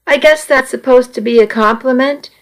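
A woman voicing an easygoing teenage boy who teases his best friend in a calm, matter-of-fact way. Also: high-pitched, normal speed, pitched above the performer's own voice, lightly acted, rough recording.

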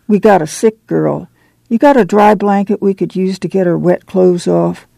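A woman voicing a weary, determined farm mother in a storybook reading, with a gravelly voice. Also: lowish voice, fairly even intonation, normal speed, warm tone, no echo. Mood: urgent.

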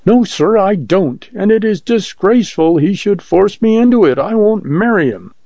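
Defiant young woman, raised and indignant , done by a male reader, gravelly, muffled recording. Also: sits high, expressive, normal speed, dark tone, dry recording, pitched above the performer's own voice. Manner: indignant, tearful protest.

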